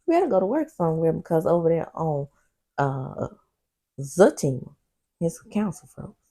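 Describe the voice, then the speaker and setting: A woman's voice: low-pitched, big pitch swings, moderate pace, warm tone. A woman doing a casual TV recap vlog, sassy and talking back at the characters, with personal side stories. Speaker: TV recap host.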